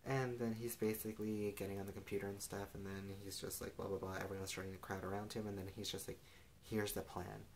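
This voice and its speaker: Young guy recapping a show, low monotone voice, says like a lot, faint hiss behind. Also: fast talker, hardly any pauses, poor audio. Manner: rambling, heavy use of "like" and "and stuff". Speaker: TV episode recapper. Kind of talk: casual rambling recap.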